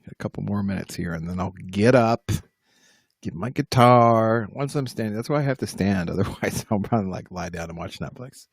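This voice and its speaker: A man's voice: fairly low pitch, a little fast, gravelly, no echo, studio quality. A man hosting a casual live stream from home, rambling and poking fun at himself as he talks straight to his viewers. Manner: rambling, self-mocking, talks straight to the chat. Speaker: livestream host and musician.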